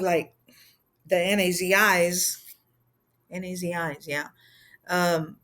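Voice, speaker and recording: A woman's voice: mid-range voice, fairly bright tone. A woman giving casual political commentary in a loose, rambling way, often tossing in "you know" and "right?".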